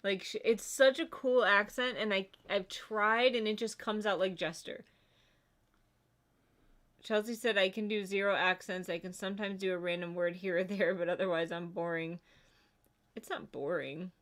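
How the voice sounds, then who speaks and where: A woman's voice: mid-range voice, fairly even intonation, moderate pace, fairly bright tone. A woman co-hosting a casual livestream chat, rambling and chatty with lots of filler words. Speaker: livestream co-host.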